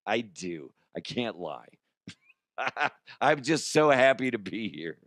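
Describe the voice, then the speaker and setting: A man hosting a casual comedic news show, his voice hoarse and strained, joking crudely and laughing often. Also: fairly low pitch, sing-song, very slow, a bit bright, no echo, clean studio sound. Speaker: podcast host.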